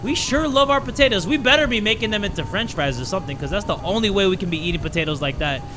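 A young man doing casual horror game commentary, jokey and excitable, sinking to nervous mutters when scared. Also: sits high, quick pace, music in the background. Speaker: gaming YouTuber.

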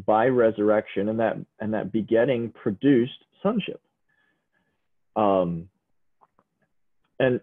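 A man lectures with a low, slightly husky voice, working through passages one point at a time. The sound is thin and phone-like over a video call, with a dry, close feel and no room echo. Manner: explanatory, walks through texts step by step. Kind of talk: online theology lecture. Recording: tinny dry online call audio.

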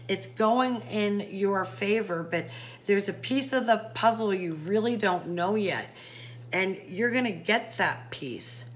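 A woman's voice: medium pitch, a little hiss or hum, low-quality recording. A woman doing a casual tarot reading to camera, chatty, with many fillers and talking straight to the viewer. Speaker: psychic tarot reader.

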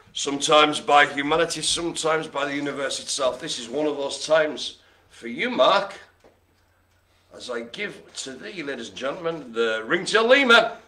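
Man, bingo host, slightly high and very animated, goofy patter. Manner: showman patter with puns and silly noises. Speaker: host of a live online bingo show. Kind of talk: jokey live bingo calling.

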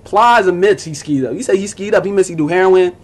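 A man's voice: sits high, a little fast. A young man vlogging to camera in a casual, profane rant, blunt and mocking as he talks over music and forum posts.

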